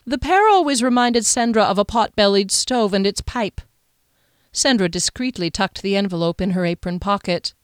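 A woman narrates a novel in a measured, even storytelling voice of middling pitch. The recording is dry and close, with no room sound. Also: smooth, no echo. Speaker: audiobook narrator. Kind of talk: scripted narration.

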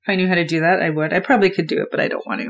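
A woman's voice: on the low side, fairly even intonation, very fast, vocal fry. A woman hosting a solo motivational podcast, talking candidly and conversationally and swearing freely. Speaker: podcast host.

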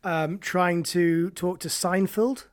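A man's voice: sits high, fairly even intonation, takes it slowly, no echo, clean studio sound. A man co-hosting a casual podcast, playful, laughing often and acting out quotes. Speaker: podcast co-host. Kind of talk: casual chat.

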